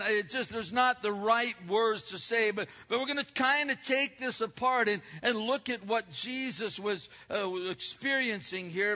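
Older male pastor preaching in a hall. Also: high voice. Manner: emphatic preaching, swinging from loud to hushed. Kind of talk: sermon. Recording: dull, lo-fi recording with long hall reverb.

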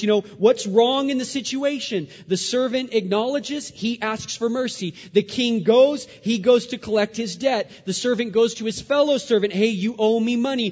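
Male preacher, fairly high voice, sermon with big dynamic swings, long hall reverb, muffled recording. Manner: dramatic, swings from hushed to loud.

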